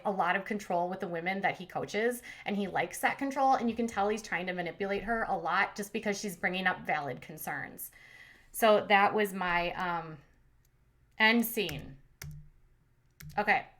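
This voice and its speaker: A woman's voice: medium pitch, moderate pace, fairly bright tone. A woman hosting a commentary channel, recapping reality TV in a chatty, sarcastic way with lots of fillers.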